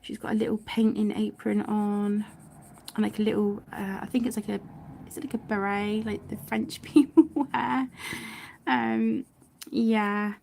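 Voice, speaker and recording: Lady chatting on her colouring stream, slow and soft, bit gravelly, half whispering a lot. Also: medium pitch, flat delivery, slight background noise. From United Kingdom. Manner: soft-spoken, often drops to a near whisper; chatty, warm-hearted, many fillers and restarts. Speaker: colouring channel host. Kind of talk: casual live-stream chat while colouring.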